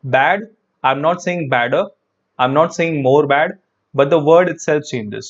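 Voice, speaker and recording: A man with a fairly high voice teaches an online grammar lesson in a chatty, repetitive way and talks directly to his viewers. The audio is dull and lo-fi. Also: a little slow.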